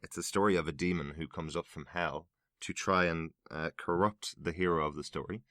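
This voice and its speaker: A man's voice: low voice, steady tone, fairly quick, pushed and bright, no echo, clean studio sound. A man co-hosting a film review podcast, explaining scenes in an earnest, agreeable way. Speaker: podcast co-host. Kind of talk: casual film review chat.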